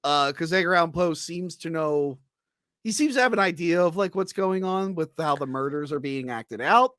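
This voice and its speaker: Man with a high voice, podcast host, casual rambling talk, dry close mic. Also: animated, moderate pace, a bit bright, dry recording. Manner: rambling, with many fillers and restarts. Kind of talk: casual movie review chat.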